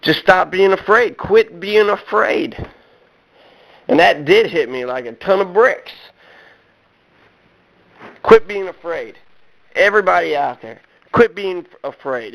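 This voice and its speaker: A man speaks a little higher than most men as he rants to his audience. He is blunt and profane, restarting sentences and leaning on fillers as he gets heated. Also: fairly bright tone, rough recording. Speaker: vlogger. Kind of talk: personal rant to camera.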